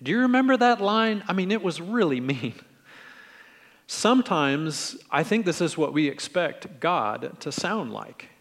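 A middle-aged man preaching a conversational sermon in a relaxed, friendly way, acting out quoted lines in different tones. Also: on the high side, unhurried, long reverb tail. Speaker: pastor.

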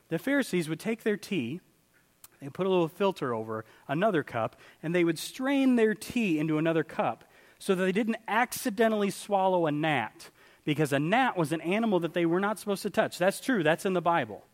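A man preaching a sermon in a church, animated, swinging between loud exclamations and quiet asides. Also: sits high, big-room sound. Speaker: pastor.

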